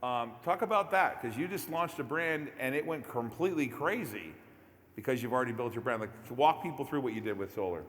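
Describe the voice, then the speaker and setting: A man's voice: mid-range voice, expressive, fairly quick, a bit bright. Male interviewer in an echoey room. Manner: sets up questions with long lead-ins. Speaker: host interviewer. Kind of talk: casual interview. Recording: echoey room with faint background noise.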